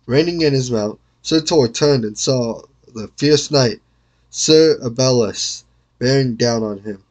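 An older man reading a storybook aloud in a measured, careful way. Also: medium pitch. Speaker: reader.

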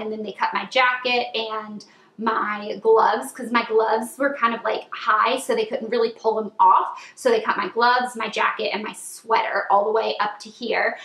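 A woman in her twenties telling a long storytime vlog, chatty and animated, with lots of "like" and squealed quotes. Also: a little high, gravelly, roomy sound. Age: 20s. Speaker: vlogger.

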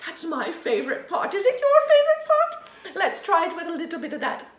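A woman's voice: very high-pitched, wildly swooping pitch, a little fast. A woman hosting a playful children's food segment, bubbly and giggly, with exaggerated delivery. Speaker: host of a kids' food segment. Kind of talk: playful show-and-tell for children. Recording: echoey room with faint noise.

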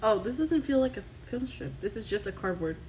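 A woman vlogger chatting through an unboxing, excitable and gushing, squealing with delight. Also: mid-range voice, fairly quick, a little hiss or hum, poor audio. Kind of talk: casual unboxing vlog.

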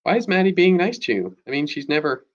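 A man's voice: fairly high pitch, sing-song, fast talker, lo-fi sound, voice pushed up. A man voicing a guarded young girl. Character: guarded, anxious girl math prodigy.

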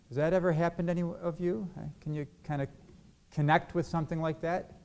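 Male pastor, sermon delivery, questions to his congregation, slightly higher voice. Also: fairly even intonation, fast talker, a little mellow, clean tone. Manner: asks the congregation questions, acts out quoted arguments.

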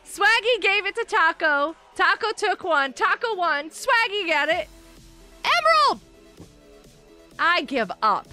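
A woman's voice: extremely high pitch, expressive, unhurried, few pauses, pushed and bright, soft background music. A woman live streaming and chatting with her viewers in a bubbly, giggly way while nursing a headache. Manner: bubbly, giggly, talks to chat. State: has a headache.

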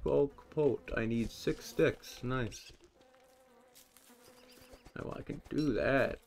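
A young man commenting on a survival game as he plays, rambling and joking with sudden yelled outbursts. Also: mid-range voice, extremely slow, creaky, a little hiss or hum. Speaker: gameplay commentator. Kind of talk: let's play commentary.

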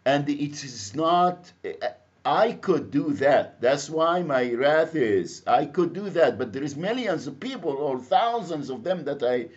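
A man with an Egyptian accent, calling in on a computer speakerphone, talking loudly and insistently, repeating himself as he presses his point. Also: on the high side, lively intonation, measured pace. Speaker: caller. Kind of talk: phone call complaint. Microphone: computer speakerphone via internet calling. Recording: lo-fi phone call recording.

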